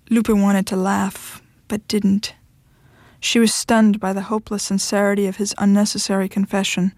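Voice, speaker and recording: A woman reading a short story aloud in a steady, even storytelling manner. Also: medium pitch, moderate pace, dry recording. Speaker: narrator.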